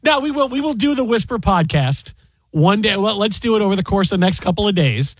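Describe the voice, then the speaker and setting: Guy hosting sports talk radio, higher voice, dry sound, goofs around a lot. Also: expressive, no echo. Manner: playful, rambling, quick to joke. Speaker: radio show host. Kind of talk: casual sports talk chat.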